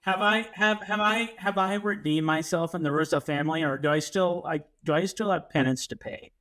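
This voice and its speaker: A man's voice: fairly high pitch, normal speed, a bit bright. A man co-hosting a podcast, joking in casual chat. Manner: playful, joking. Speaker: podcast co-host.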